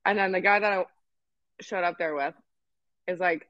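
Animated young Canadian woman telling a story. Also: fairly low pitch, moderate pace, no room sound. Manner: swearing, laughing, acting out quotes. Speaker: podcast co-host. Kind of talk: casual storytelling chat.

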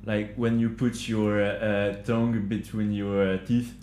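Man with a French accent, hesitant, searching for words, low voice, slow pace, echoey room. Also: level tone, a little mellow, slight background noise. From France. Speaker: guest. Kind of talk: casual conversation. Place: upstairs kitchen of a hostel.

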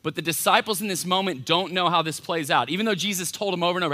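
A man with a twang preaching a casual sermon, his voice bright and forward and pitched a little high. He talks informally and with energy, and drops into little acted voices as he retells the story. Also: fast talker, few pauses. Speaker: college pastor. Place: church hall.

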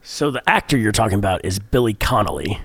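A man's voice: on the low side, sing-song, fast talker, husky, dry recording. A man co-hosting a casual podcast, reading trivia questions in a laid-back, hesitant way with plenty of fillers. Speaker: co-host, quiz reader.

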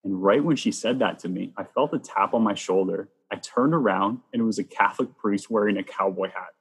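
A man from Canada sharing his personal faith testimony as a guest, telling it in a lively way that acts out what people said. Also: fairly low pitch, brisk, breathy edge, big-room sound. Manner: lively storyteller, acts out quoted lines.

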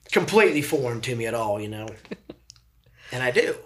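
A middle-aged man telling personal stories as a podcast guest, earnest and animated, often repeating words as he starts a sentence. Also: medium pitch, fairly quick. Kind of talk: casual storytelling.

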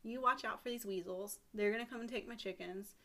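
A woman's voice: medium pitch, fairly quick, a bit bright, close to an everyday voice. A woman voicing a stern, bossy male farmer in her everyday voice, giving orders.

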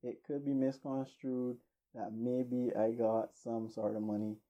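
A man telling a rambling, animated story casually, laughing now and then, in a dull lo-fi recording. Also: mid-range voice, unhurried.

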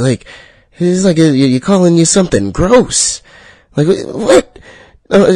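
A man hosting a solo podcast, talking in a profane, heated rant that jumps high and loud when he gets worked up. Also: lively intonation, fairly quick, dry recording. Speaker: podcast host.

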